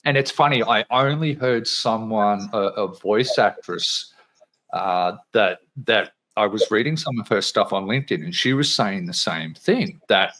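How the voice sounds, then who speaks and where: A man's voice: fairly low pitch, a little slow, a bit bright. A man hosting a podcast in a casual, conversational way, swearing now and then and mimicking the people he quotes. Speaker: podcast host.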